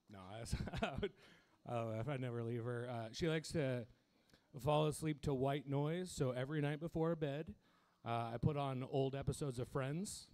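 A man's voice: medium pitch, moderate pace, a little mellow. A young man doing a crude, self-deprecating stand-up set, laughing at his own jokes. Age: young adult. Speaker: stand-up comedian.

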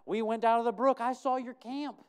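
A man's voice: very high voice, lively intonation, normal speed, clear, resonant tone, voice pushed up. A man voicing a frightened male royal servant who pleads anxiously in an emphatic voice. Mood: alarmed.

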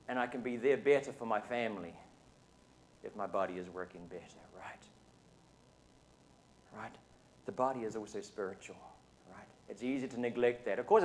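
A male pastor from New Zealand with a New Zealand accent, delivering a Sunday sermon at a mid pitch. He keeps it conversational and informal, often tagging his points with a quick question to the people in the pews. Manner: conversational, often asks the congregation "right?". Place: church service.

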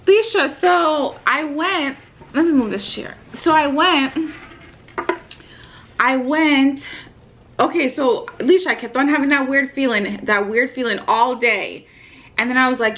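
A young woman vlogs from a hotel room while telling a story to family over a phone video call. Her voice sits high with a fairly bright tone, and she's chatty, laughing quickly as she goes.

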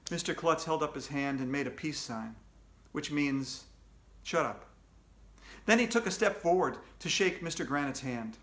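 A middle-aged man reading a children's book aloud, lively and animated, with higher voices for the characters. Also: moderate pace. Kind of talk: read-aloud storytelling. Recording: echoey room.

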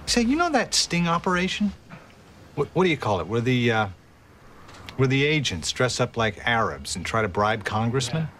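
An actor playing a chatty mobster in a film clip, asking rambling questions. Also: male voice, mid-range voice, very animated, moderate pace, fairly bright tone, slight background noise. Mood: curious. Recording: movie clip played back, faint ambience.

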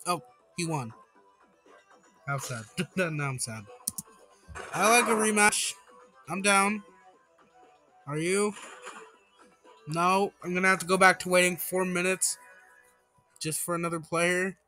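A young man giving casual, excitable gameplay commentary who swears and breaks into high panicked yelling. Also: slow, pauses often, faint music behind, low-quality recording. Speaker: gaming YouTuber.

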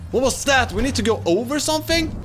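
A young man giving excitable let's-play commentary, laughing and shouting at wins and fails. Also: extremely high pitch, fast talker, music in the background. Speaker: gaming YouTuber.

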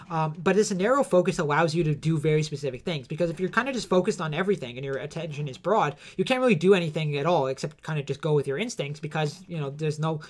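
A man giving an unscripted explanatory lecture, hesitant, with many fillers and self-corrections, and a cough. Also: a little high.

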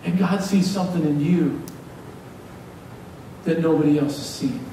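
A man preaching a sermon as pastor, lively and joking as he urges the congregation on. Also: a little high, a little slow. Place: church sanctuary. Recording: echoey hall from far off, faint hiss.

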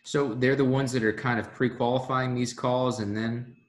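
A man's voice: mid-range voice, steady tone, normal speed, reverberant. A man hosting a casual interview, affirming what his guest says and asking short follow-up questions. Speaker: podcast host.

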